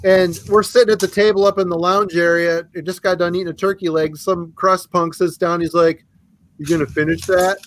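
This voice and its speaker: A man's voice: high-pitched, little pitch movement, a little fast, hardly any pauses, a bit bright. A man telling a laid-back story in a casual chat, swearing now and then. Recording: faint background noise.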